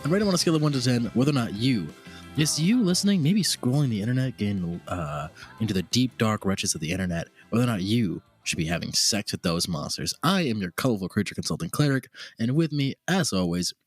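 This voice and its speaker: A man hosting a comedy podcast, animated and teasing, swearing often in casual chat. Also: mid-range voice, quick pace, husky, soft background music. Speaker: podcast host.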